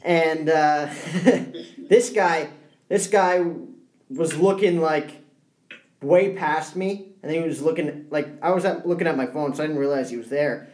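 A man's voice: a little high, normal speed. Young man telling stories, echoey room. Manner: storytelling, animated impressions. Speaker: podcast co-host. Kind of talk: casual podcast chat.

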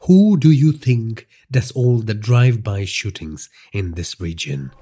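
Man voicing a stern pastor, preaching, emphatic, husky low voice. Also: expressive, a little slow, mellow. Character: stern middle-aged male pastor, righteous and forceful.

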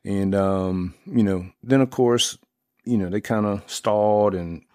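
A middle-aged man in casual sports talk, rambling with lots of fillers and restarts, getting excitable as he retells plays. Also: on the low side, a little slow, smooth, dry recording, studio quality.

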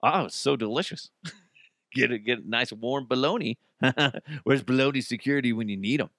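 A middle-aged man rants his way through a casual solo podcast, blunt and profane, with sarcastic asides. His voice sits at an ordinary middle pitch and comes across dry and close, with no room sound. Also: normal speed, a bit bright, no echo. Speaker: podcast host.

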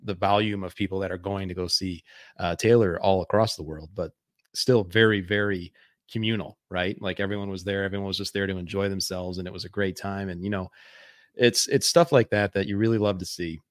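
A man's voice: low-pitched, fairly even intonation, fairly quick, no echo, clean studio sound. A man co-hosting a podcast in casual chat, hesitant with many fillers. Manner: hesitant, many uh and you know. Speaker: podcast co-host.

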